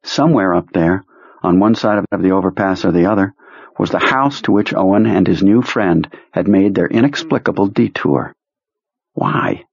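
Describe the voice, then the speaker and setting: A male narrator reads a novel aloud in a measured, dramatic way. His low, husky voice is close and dry. The recording sounds muffled and lo-fi. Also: a little mellow, dry recording. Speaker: audiobook narrator. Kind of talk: scripted narration.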